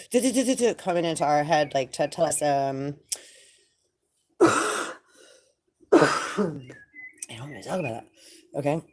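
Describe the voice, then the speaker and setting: A woman talking casually and rambling in a slangy, animated way as she channels spiritual messages. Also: low voice.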